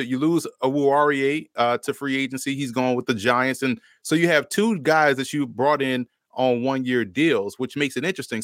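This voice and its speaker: A man's voice: mid-range voice, a bit bright, no room sound, clean studio sound. A man, a guest analyst, explaining his picks with confident, point-by-point reasoning. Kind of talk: casual sports analysis.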